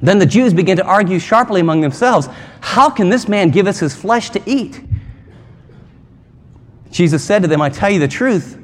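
A man preaching a sermon as pastor, emphatic and conversational, with dramatic asides. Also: high-pitched. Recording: long hall reverb.

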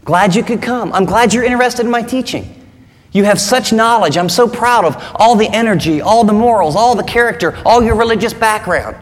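A man's voice: high-pitched, a little fast, voice pushed up, lightly acted. A man voicing an imagined Jesus who greets a guest in a chummy, gushing tone, recorded with the long reverb of a large hall. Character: Jesus as an overly flattering friendly man.

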